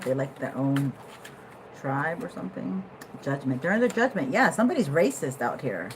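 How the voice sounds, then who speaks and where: Woman, lower voice, chatty tarot reader, swings between hushed musing and loud laughing outbursts; faint room hum behind. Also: poor audio. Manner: animated, laughing, swings from low musing to loud excited bursts. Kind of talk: casual tarot reading to camera.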